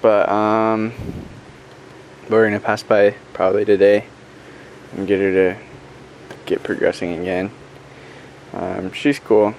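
A man's voice: on the low side, level tone, takes it slowly, creaky, darkish tone, a little hiss or hum. Young man in his twenties, missionary, chatty and upbeat, full of fillers. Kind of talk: casual video update.

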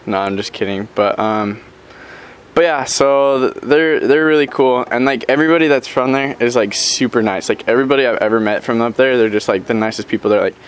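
A man's voice: mid-range voice, normal speed, smooth. Young man in his twenties, missionary, chatty and upbeat, full of fillers. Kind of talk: casual video update.

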